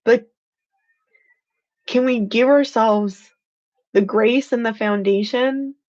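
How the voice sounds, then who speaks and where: Earnest, higher-voiced woman hosting a live stream. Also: takes it slowly, a little mellow, dull audio. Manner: earnest, heartfelt and emotional, says "freaking" for emphasis. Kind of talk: motivational live-stream talk.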